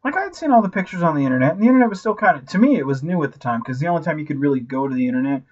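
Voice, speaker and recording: A man in his thirties giving a casual, ranting movie review, animated and profane, constantly saying "like" and "you know". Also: on the high side, rapid-fire, lo-fi sound. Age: 30s.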